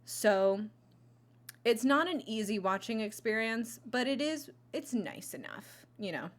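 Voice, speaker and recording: A woman's voice: on the high side, sing-song, unhurried. A woman chatting casually into a close mic, reviewing movies on her vlog, rambling with lots of fillers and restarts. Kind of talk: casual chat.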